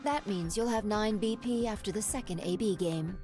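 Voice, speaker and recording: A woman's voice: mid-range voice, moderate pace, natural voice. Composed, blunt young woman, played by a woman, clipped and factual, with music under her. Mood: cool. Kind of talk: video game dialogue.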